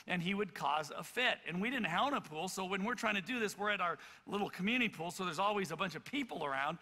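Male pastor with a high, bright voice, animated storytelling sermon in a reverberant church hall. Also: fast. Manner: animated, loud acted-out storytelling with many stammered restarts. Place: church auditorium.

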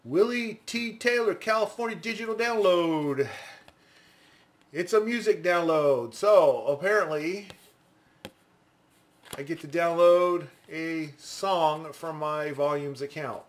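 A man with a fairly high-pitched voice takes his time unboxing a pencil. He reviews it casually and enthusiastically, chatting and thinking aloud along the way.

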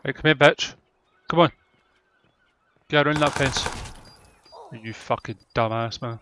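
A man commentating his gameplay, loud and excitable, swearing often. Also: mid-range voice, unhurried, noisy background. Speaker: gamer. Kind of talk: let's-play commentary.

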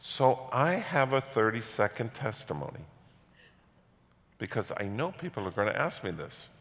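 Animated pastor preaching in a reverberant hall. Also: male voice, fairly low pitch, normal speed. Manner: animated storytelling with self-mocking humor. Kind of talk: sermon. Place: large church hall.

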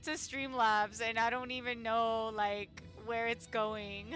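A woman's voice: on the high side, flat delivery, slow, fairly bright tone, soft background music. A young woman streamer chatting casually with viewers, giggly, flustered and emotional. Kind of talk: casual live-stream chat.

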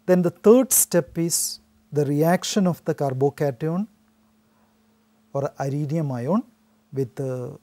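This Indian male chemistry teacher has a warm, low-bright tone and a methodical teaching style in a recorded classroom lecture. His explanations are steady, with frequent restarts on "so."

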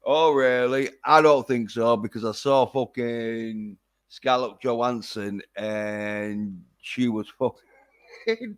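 A man's voice: mid-range voice, steady tone, takes it slowly. A man ranting profanely in a casual livestream. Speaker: vlogger.

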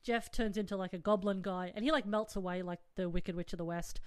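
A woman hosts a podcast in a loose, playful chat, laughing often as she goes. Her voice sits at an ordinary middle pitch and sounds close and dry, with no room around it. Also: fairly quick, clear, resonant tone, no room sound. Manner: giggly, playful and chatty. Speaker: podcast host. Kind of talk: casual chat.

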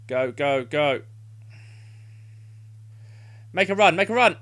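A man's voice: fairly high pitch, expressive, moderate pace, fairly bright tone. A young man playing a football video game live, urging his team on and swearing in frustration. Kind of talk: live gameplay commentary.

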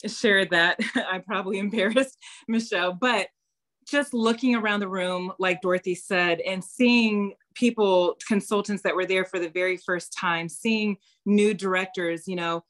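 A woman leading a casual chat on a video call, upbeat and filling her pauses with "um" and "you know". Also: mid-range voice, fairly even intonation, fairly bright tone.

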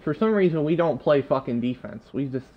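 A frustrated man rants and curses nonstop through his own football video game match, venting at his players. His voice sits at an ordinary pitch, and the lo-fi recording sounds a little dull and muffled. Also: expressive, brisk. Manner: frustrated, swearing constantly, ranting. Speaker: gamer. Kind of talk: live gameplay commentary.

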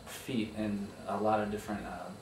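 A man in his thirties who plays bass, talking in a wry, hesitant way in a casual interview. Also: flat delivery, normal speed, a little mellow. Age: 30s. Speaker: bass player. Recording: echoey room from far off, with faint noise.

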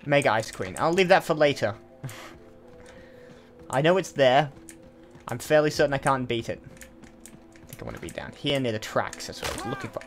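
A man's voice: mid-range voice, lively intonation, normal speed, long pauses, soft background music. A man hosting a let's play, giving chatty, casual commentary and thinking aloud with asides as he plays.

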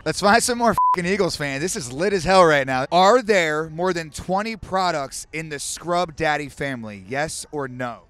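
Loud, swinging hype-man interviewer. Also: on the high side, animated, normal speed, hardly any pauses. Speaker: street interviewer host. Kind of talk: hyped vox-pop interviewing. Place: outdoor stadium parking lot. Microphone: handheld mic.

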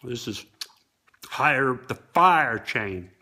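A man casually reviewing fast food on camera, tasting and commenting between bites. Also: mid-range voice, lively intonation, bright, forceful tone.

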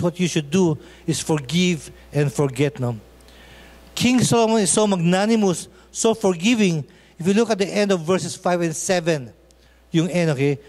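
A man's voice: sits high, a little mellow, long reverb tail. A man with a Filipino accent preaching a sermon as pastor, often mixing in Tagalog and checking in with "okay?". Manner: switches between English and Tagalog, asks "okay?" often. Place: church.

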